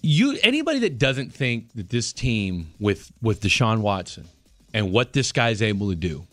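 Animated rambling male sports radio host. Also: on the low side, normal speed, faint music behind. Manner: animated, rambling, many restarts.

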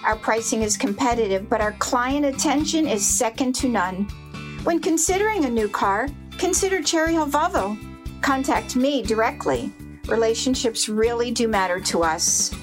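A woman's voice: on the high side, expressive, moderate pace. Woman reading a radio ad over music. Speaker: car dealership owner. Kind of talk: scripted radio ad read. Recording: ad with music bed.

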